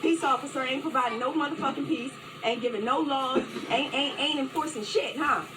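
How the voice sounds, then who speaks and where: A woman's voice: sits high, a little fast. A woman confronting police officers in a heated street argument, defiant and profane, repeating her points. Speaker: citizen filming a police stop. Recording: distant voice with crowd and loud noise.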